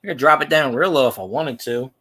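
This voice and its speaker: A man's voice: mid-range voice, fast talker, sharp tone. A man joking and wisecracking in a casual livestream chat.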